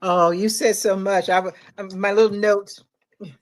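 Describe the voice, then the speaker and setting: A woman co-hosts a late-night talk stream. She speaks in a thoughtful, low-key way, repeating her points as she works through them. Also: fairly even intonation, normal speed. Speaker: podcast co-host. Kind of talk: casual chat.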